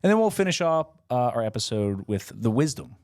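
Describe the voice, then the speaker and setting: A young man co-hosting a laid-back podcast, talking in a loose, rambling way with plenty of ums and laughs. His pitch swings widely as he talks, rising and dipping through each sentence. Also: big pitch swings, a little fast, gravelly, darkish tone. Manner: rambling, lots of fillers and laughs. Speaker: podcast co-host. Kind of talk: casual podcast chat.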